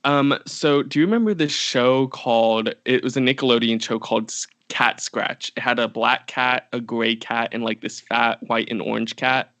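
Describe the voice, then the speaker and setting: A man's voice: medium pitch, fairly even intonation, moderate pace, hardly any pauses, a bit bright, no echo. A young man co-hosting a podcast, telling a long story in casual chat with lots of fillers and restarts. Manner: rambling, many fillers and restarts. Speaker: podcast co-host.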